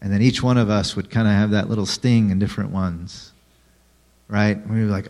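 A man's voice: on the low side, fairly even intonation, moderate pace, darkish tone. A man preaching a sermon in a conversational way, asking the listeners questions. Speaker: pastor.

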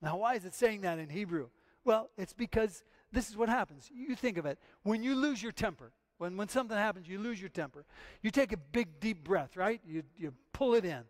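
Male pastor, higher-pitched voice, earnest emphatic sermon delivery with repeated phrases. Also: animated, a little fast. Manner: earnest, emphatic preaching with repetitions.

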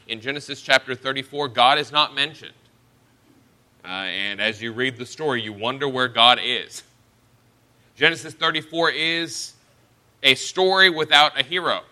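Bright-voiced man preaching a sermon. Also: mid-range voice. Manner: expository preaching, verse-by-verse Bible teaching.

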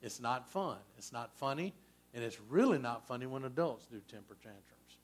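Man, pastor preaching, folksy and conversational, animated delivery. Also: moderate pace. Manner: conversational preaching, folksy asides, lively swings in pitch and loudness. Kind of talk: sermon.

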